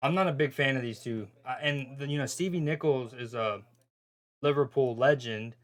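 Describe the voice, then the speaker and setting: A male streamer chatting casually through a football watchalong, his voice sitting in an ordinary middle pitch. He rambles and cuts himself off mid-thought, sounding bemused as he talks to his viewers. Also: moderate pace. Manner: rambling, self-interrupting, bemused. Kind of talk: casual live-stream chat.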